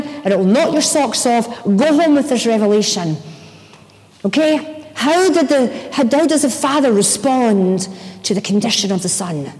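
A middle-aged woman preaching a sermon, telling personal stories in an animated way and acting out her own shouts. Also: high voice, big-room sound, poor audio.

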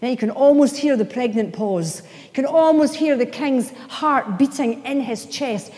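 A woman's voice: high-pitched, animated, a little mellow. Woman preaching in a reverberant hall. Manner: emphatic, playful asides, slows down for emphasis. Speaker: pastor. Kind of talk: sermon.

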